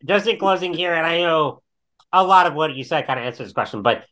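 Male podcast host, bright, tense tone, slightly higher voice, upbeat. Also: animated, quick pace, muffled recording. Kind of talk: casual interview talk.

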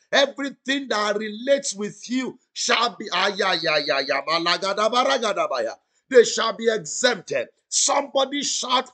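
His voice sits high, bright and forceful. It belongs to a male pastor leading prophetic prayer over an online broadcast, fervent and chanting, repeating declarations, speaking in tongues, and commanding the audience to respond.

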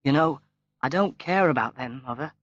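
A man voicing a worried young son who speaks quietly and with strain, in a storybook reading. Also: mid-range voice, lively intonation, moderate pace, dry recording, lightly acted. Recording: dull, lo-fi, dry recording.

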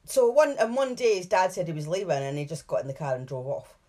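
A woman's voice: on the low side, sing-song, fast talker, dark tone. A woman co-hosting a podcast, chatting casually and narrating a case, laughing often and hedging over details. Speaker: true crime podcast co-host.

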